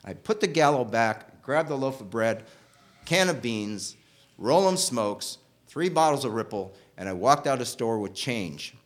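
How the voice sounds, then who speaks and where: A man telling a story from his own life, his pitch lively and bouncing all over. He swings from loud bursts to hushed, almost whispered asides. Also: unhurried. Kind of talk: personal storytelling.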